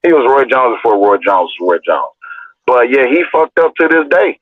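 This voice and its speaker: A young adult man telling profane, animated stories in a casual chat as a livestream host. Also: medium pitch, moderate pace, no echo. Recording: dry, tinny phone-like audio.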